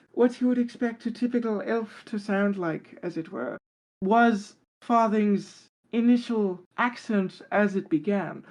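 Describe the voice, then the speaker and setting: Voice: medium pitch, darkish tone. A guest on a tabletop game podcast, talking casually and enthusiastically and rambling with lots of fillers. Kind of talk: casual interview chat.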